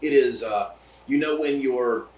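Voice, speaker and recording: A man's voice: mid-range voice, unhurried. Chatty enthusiastic man in a roomy distillery. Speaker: podcast host. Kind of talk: casual chat. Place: distillery room. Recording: roomy, distant mic.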